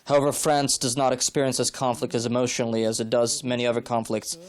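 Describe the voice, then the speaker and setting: Male voice-over interpreter, mid-pitched, measured and deliberate. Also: little pitch movement. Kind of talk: translated voice-over.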